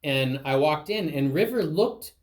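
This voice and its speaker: A woman's voice: sits low, animated, a little slow, darkish tone. Woman interviewer telling a story. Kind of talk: conversational storytelling.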